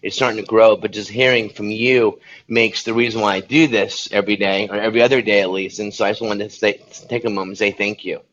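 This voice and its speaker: A man's voice: fairly low pitch, fairly even intonation, fast talker, a bit bright. A man hosting an online talk show, earnest and encouraging as he interviews a guest. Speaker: show host. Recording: muffled lo-fi sound with faint background noise.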